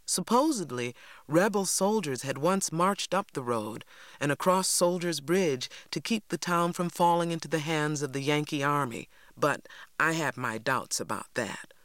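A man reading a first-person story aloud with steady, expressive narration. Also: a little high, measured pace, no echo, studio quality. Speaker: audiobook narrator.

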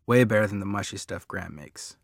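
This first-person story comes from a man whose gravelly voice sits a bit low, delivered fairly quickly with a wry, conversational touch. The recording is close and dry, booth-like, with no room echo.

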